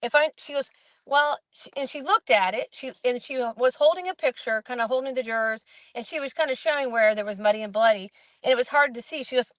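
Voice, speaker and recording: A woman's voice: a little high, a little fast, dry recording, poor audio. A woman in casual chat, recapping courtroom testimony in a rambling way and acting out the quoted lines. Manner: rambling, quotes witnesses in animated voices. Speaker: host recapping a trial.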